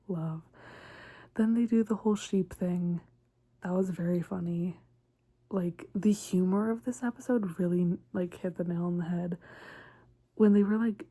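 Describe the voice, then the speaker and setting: Young woman vlogger, mellow tone, chatty and gushing, loose casual delivery full of fillers. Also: medium pitch. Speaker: show reaction vlogger. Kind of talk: casual episode breakdown.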